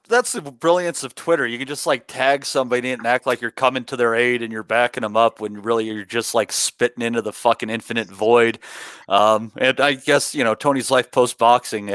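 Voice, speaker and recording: A man co-hosting a podcast, making wry, deadpan jokes with plenty of swearing. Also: mid-range voice, brisk, smooth, no echo. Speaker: podcast co-host. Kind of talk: casual banter.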